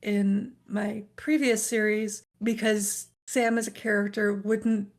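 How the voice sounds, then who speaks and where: A woman author, a guest on a podcast, talking relaxed and at length in casual chat. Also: mid-range voice, slow pace.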